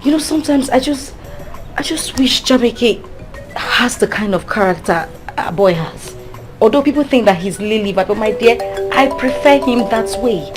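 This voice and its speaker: A woman's voice: on the high side, expressive, normal speed, music in the background, natural voice. An actress with a Nigerian accent playing a young woman fed up with her hot-tempered boyfriend. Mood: indignant. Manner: indignant, emphatic.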